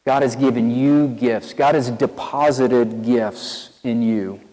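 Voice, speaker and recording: A man from East Tennessee with a Southern accent, a pastor preaching a sermon in a conversational, storytelling way, earnest and animated. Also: medium pitch, slow pace, in a large hall, low-quality recording. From East Tennessee, USA. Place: church sanctuary with long reverb.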